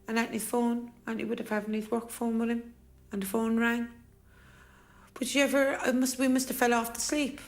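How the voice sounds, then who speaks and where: A middle-aged Irish woman speaking in an interview as a bereaved mother, with a soft, halting and hesitant way of talking. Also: on the high side, little pitch movement, faint music behind. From Ireland. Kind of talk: emotional interview recollection.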